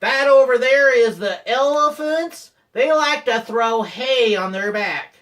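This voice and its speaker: A man's voice: very high voice, animated, slow pace, a bit bright, distant mic, voice pushed up, full character voice. A man putting on an exaggerated fake Texan accent to play a goofy safari truck driver who gives a joking tour spiel. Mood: goofy drawl.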